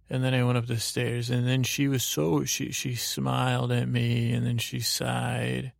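A man's voice: mid-range voice, completely flat delivery, measured pace, creaky, hardly any pauses, no room sound, studio quality. A man hosting a podcast, telling a meandering bedtime story full of ums and restarts. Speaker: podcast host.

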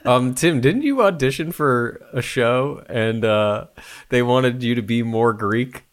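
A man's voice: medium pitch, expressive, takes it slowly. A man co-hosting a podcast, chatting casually and wryly teasing his friends. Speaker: podcast co-host. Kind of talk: casual chat.

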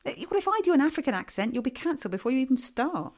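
Snarky male inner voice, played by the comic himself, ribbing and needling, pitch swinging a lot. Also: very animated, racing, full character voice. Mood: teasing. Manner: needling, sarcastic. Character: mocking male inner voice, teasing.

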